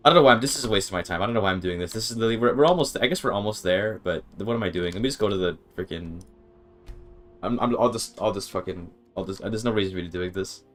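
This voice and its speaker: A man's voice: lowish voice, very fast, fairly bright tone, soft background music. A man streaming a video game, chatting casually with his viewers, swearing and restarting sentences when frustrated. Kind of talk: casual gaming livestream commentary.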